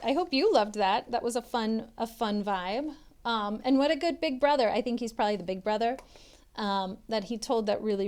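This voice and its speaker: Reading a children's picture book aloud, this woman, a literacy tutor, has a voice on the high side. She gives it expressive storybook delivery and chats with the young listeners in asides.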